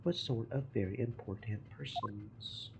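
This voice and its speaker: A man's voice: fairly low pitch, a little slow, creaky. A man voicing an earnest young male lawyer who is polite but awkward. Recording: muffled with steady background noise.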